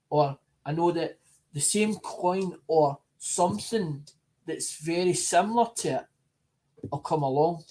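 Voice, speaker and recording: A man with a voice pitched a touch high talks in a loose, unscripted way. He wanders from thought to thought and circles back over the same words. The delivery is casual and chatty, as if he were talking to regular viewers. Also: darkish tone. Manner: rambling, repeats himself and restarts phrases; talks to supporters in an unhurried, chatty way. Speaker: coin collector vlogger. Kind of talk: casual rambling monologue.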